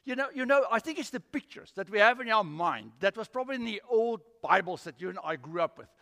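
Animated pastor preaching in a hall. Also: male voice, sits high, quick pace. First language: Afrikaans. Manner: animated storytelling with acted-out voices. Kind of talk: sermon. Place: church.

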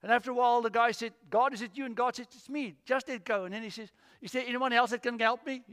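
Animated pastor preaching in a hall. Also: male voice, very high voice, fast. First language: Afrikaans. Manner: animated storytelling with acted-out voices. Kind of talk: sermon. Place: church.

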